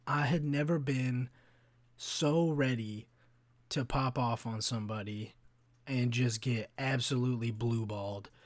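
A man's voice: medium pitch, no room sound. Profane, rambling young man on a podcast. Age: 20s. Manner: profane, rambling, animated storytelling with frequent fillers. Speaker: podcast host. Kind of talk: casual solo storytelling.

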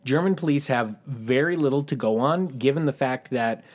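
A man with a mid-range voice reads out a true crime story for a podcast. His narration is dry and even, with the odd deadpan aside. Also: mid-range voice, normal speed. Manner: dry, matter-of-fact narration with wry asides. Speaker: podcast host.

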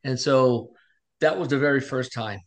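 A man's voice: mid-range voice, normal speed. A man chatting as a guest on a video call, telling a story vividly and bluntly, with some cursing. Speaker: guest, longtime friend of the host. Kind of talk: casual video-call chat.

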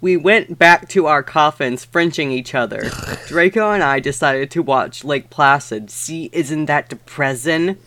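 A man co-hosting a comedy podcast, reading a fanfic aloud in a deadpan way with crude asides. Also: fairly high pitch, measured pace, no room sound.

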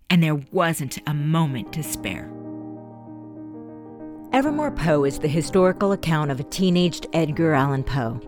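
A woman hosting and narrating a historical story podcast in a measured, earnest scripted style, close to the mic. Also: deep voice, a little mellow.

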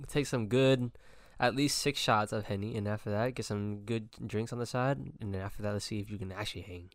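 A young man co-hosting a podcast, loud and animated, swearing freely. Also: lowish voice, fairly quick, dry recording, clean studio sound. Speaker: podcast co-host. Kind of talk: casual chat.

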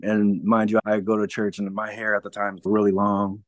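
A man's voice: lowish voice, completely flat delivery, a little fast, dry recording. A man speaking as an interview guest and telling his personal story frankly. He often acts out past conversations and laughs through hard memories.

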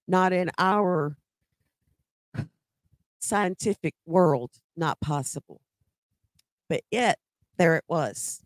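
A woman recounts a true haunting from her past, slowly and deliberately, circling back over words as the memories come. The recording is close and dry, with no room sound. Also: fairly low pitch, dry recording. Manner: unhurried, repeats words as she recalls. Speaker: storyteller. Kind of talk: personal paranormal storytelling.

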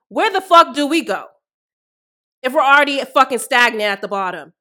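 Fiery high-voiced woman podcaster. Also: expressive, a little fast, sharp tone. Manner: fiery, profane, rhetorical questions. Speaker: podcast host. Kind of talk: passionate solo podcast commentary.

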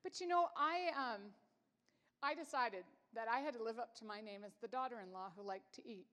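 Long hall reverb surrounds this woman in her forties as she preaches a conversational sermon. She's a Bible teacher with a fairly high, slightly bright voice who talks briskly and tells stories in a chatty, self-deprecating way.

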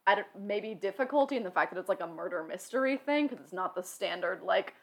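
A woman's voice: mid-range voice, animated, fast talker. A woman in casual podcast chat about tabletop games, laughing often and peppering her talk with "like". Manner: chatty, laughs often, lots of "like".

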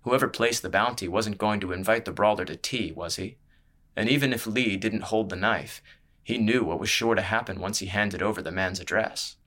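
A man reading a fantasy story aloud as narrator, in a measured, even storytelling delivery. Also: on the low side. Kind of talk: scripted audiobook narration.

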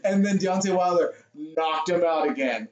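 A young man co-hosting a podcast, chatting casually and excitedly, swearing and laughing a lot. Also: fairly high pitch, moderate pace, muffled recording, slight background noise. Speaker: podcast co-host. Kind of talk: casual chat. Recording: echoey room.

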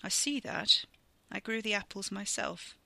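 A storyteller voicing a cold, wily old male wizard who talks in a calm, knowing way. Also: mid-range voice, unhurried, gravelly, full character voice.

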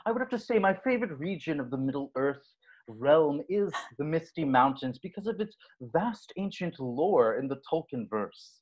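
A man's voice: fairly high pitch, big pitch swings, moderate pace. A man putting on the voice of a nerdy man obsessed with fantasy lore, talking earnestly and pedantically, on a dull lo-fi recording.

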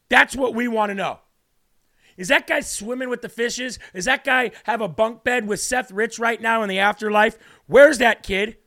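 A man hosting a political talk show, ranting in an animated and sarcastic way to a co-host. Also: high voice, vocal fry.

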